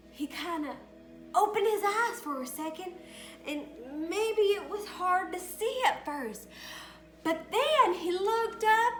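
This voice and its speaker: A woman with a very high voice tells a Bible story to small children, speaking slowly. She keeps asking them questions and gets them to repeat lines. Her voice echoes around the room. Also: fairly bright tone. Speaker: Sunday school teacher. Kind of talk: storytelling Bible lesson for preschoolers.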